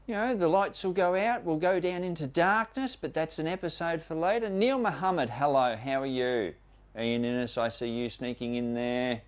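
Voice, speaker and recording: A man's voice: medium pitch, expressive, normal speed. An Australian man hosting a live stream, chattily welcoming viewers one by one by name. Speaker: host of a live prospecting show.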